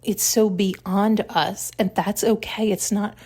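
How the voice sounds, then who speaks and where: A woman speaking as a podcast host in a reflective, spiritual monologue. She muses aloud, pauses to search for words and corrects herself mid-thought. Her voice sits at an ordinary middle pitch for a woman. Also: steady tone, a little mellow, husky. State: tearful at times.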